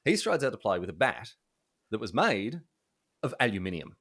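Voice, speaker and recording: A young Australian man, a journalist, telling jokey anecdotes in a casual, animated way. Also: fairly low pitch, moderate pace. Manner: animated, jokey, laughs often. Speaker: journalist guest.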